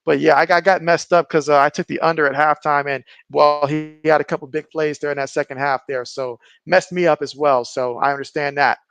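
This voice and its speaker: Male streamer host, high-pitched, dry mic, casual play-by-play and chat reading. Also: fairly quick, vocal fry, hardly any pauses, smooth, no echo. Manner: reads viewer comments aloud, excitable on big plays.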